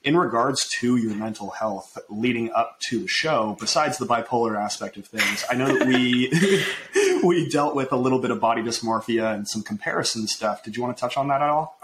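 A young man hosting a podcast and coaching his guest, relaxed and affirming, with frequent "um" and "yeah". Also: mid-range voice, a little fast, slight background noise, poor audio. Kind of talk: casual interview chat.

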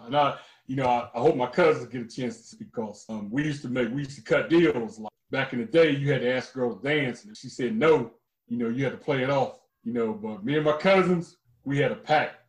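A man in his forties co-hosting a music podcast, telling lively slangy stories about songs. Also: medium pitch, normal speed. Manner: animated storytelling, slangy. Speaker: podcast co-host. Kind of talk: casual music chat. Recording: echoey room.

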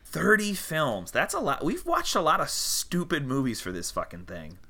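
A man's voice: on the high side, normal speed. A man co-hosting a podcast, joking casually and laughing often. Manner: laughs often, jokey and lively. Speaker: podcast co-host.

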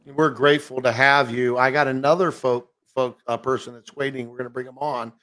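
A man hosting the show, speaking in a quick, offhand casual way. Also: mid-range voice, fairly even intonation, a bit bright. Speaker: show host.

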